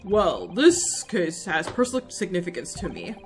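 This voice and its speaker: A woman voicing a calm male professor of forensic medicine in a video game, slow, measured and formal, with faint game music behind. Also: lowish voice.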